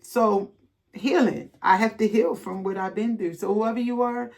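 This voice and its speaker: A woman does a tarot reading straight to her viewers. She talks loosely and bluntly, swears freely, and breaks off to read card messages aloud before going back to casual chat. Her voice sits at a middle pitch for a woman. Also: fairly even intonation, normal speed, creaky, a little mellow. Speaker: tarot reader.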